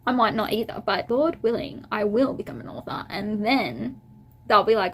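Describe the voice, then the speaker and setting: A woman's voice: mid-range voice, moderate pace, a bit bright, slight background noise. A young woman chatting casually to camera in a vlog, rambling and laughing at herself, a little teary. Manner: rambling, self-amused, giggly. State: teary and emotional. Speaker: vlogger.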